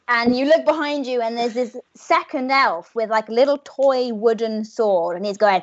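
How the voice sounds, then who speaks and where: A woman narrates a tabletop game as game master in a casual way, with lots of fillers. Her voice sits a bit high, and the audio is slightly muffled and lo-fi. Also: moderate pace, few pauses. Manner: casual, filler-heavy storytelling.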